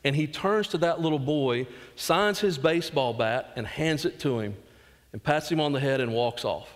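This pastor's voice sits on the high side and keeps a normal speed. He's a Southern US man delivering an earnest sermon in a church sanctuary, acting out quotes and making asides to the congregation, all under a long church reverb.

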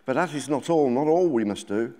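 Author reading his picture book live, mid-pitched man, sing-song rhyme, echo of a large hall. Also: lively intonation, a little fast, mellow. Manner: sing-song rhyming cadence, theatrical quoted voices. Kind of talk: rhyming storybook reading to a live audience. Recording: reverberant conference hall.

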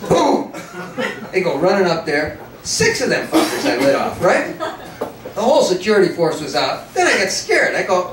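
A man reading his own first-person story aloud in a cafe, in an animated, profane storytelling manner. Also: sits high, moderate pace, slight background noise. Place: cafe before an audience. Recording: roomy cafe sound from a distant mic.

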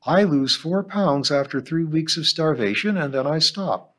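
Read as a man lightly doing a wry middle-aged schoolmistress: lift the pitch a little, keep it dry and exasperated, in a storybook. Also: animated, measured pace, fairly bright tone.

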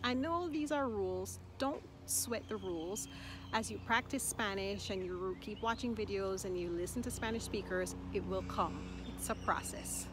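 With a medium-pitched voice, a woman teaches Spanish outside in Mexico at an unhurried pace. She sounds patient and encouraging, repeating every word slowly and clearly for the listener, while noticeable outdoor noise runs beneath her.

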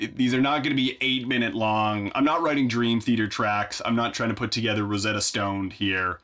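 At a moderate pace, a man with a medium, fairly bright voice runs his songwriting vlog from home. As he works in the studio, he thinks out loud in a relaxed, wry tone that often turns self-deprecating.

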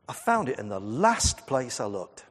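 Lively chatty minister in a reverberant church. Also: male voice, medium pitch, a little slow, slightly rough. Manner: chatty storytelling with humour, asides to the congregation. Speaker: Methodist minister. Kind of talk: sermon.

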